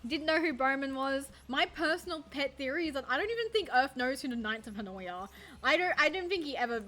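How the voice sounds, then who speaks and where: A woman's voice: high voice, expressive, fairly quick, a bit bright. A young woman streaming a card game, chatting in a rambling, self-deprecating way and swearing casually. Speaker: VTuber streamer. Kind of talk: casual gaming stream chat.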